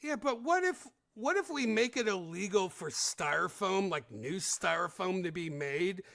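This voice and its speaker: A middle-aged man hosting a casual comedy podcast, rambling and crude in an animated way. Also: high voice, a little slow, creaky, no echo, clean studio sound. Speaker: podcast host.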